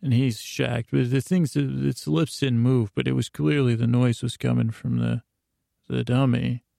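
Gravelly man telling a rambling bedtime story. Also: medium pitch, steady tone, a little slow, dark tone, no room sound, studio quality. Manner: meandering, drowsy, full of fillers and restarts. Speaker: host.

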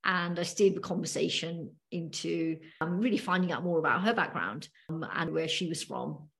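A middle-aged woman with a British accent, co-hosting a podcast and telling a story slowly with many pauses and fillers. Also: on the low side, creaky, fairly bright tone. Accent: British English. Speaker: podcast co-host. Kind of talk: casual podcast discussion.

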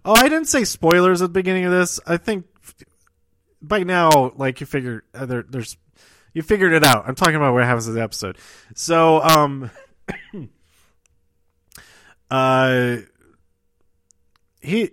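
A man casually recapping a TV episode, rambling and halting with many fillers, restarts and chuckling asides. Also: mid-range voice, a bit bright, no room sound. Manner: self-deprecating and chuckling asides.

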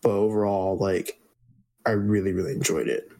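A man with a fairly low voice chatting as a podcast co-host. He talks in a relaxed way. He often stalls and restarts his sentences. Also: moderate pace. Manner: relaxed, hesitant with many restarts. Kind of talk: casual chat.

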